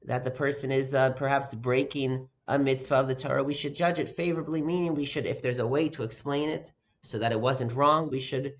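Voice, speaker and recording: Delivering a sermon, a male rabbi keeps his pitch even and in the middle range. He talks at a measured pace, frequently filling gaps between phrases with "uh."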